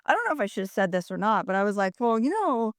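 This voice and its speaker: A middle-aged woman spins a story in relaxed podcast chat, full of fillers and quick laughs. Her voice sits at a middle pitch, and the sound is dry and close. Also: no room sound. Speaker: podcast co-host. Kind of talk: casual chat.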